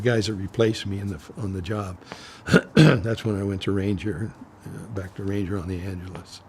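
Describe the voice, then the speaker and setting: An older man from Oklahoma, a retired forest supervisor, tells stories in an oral history interview, rambling with restarts and clearing his throat. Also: deep voice, fairly even intonation, moderate pace, darkish tone, a little hiss or hum.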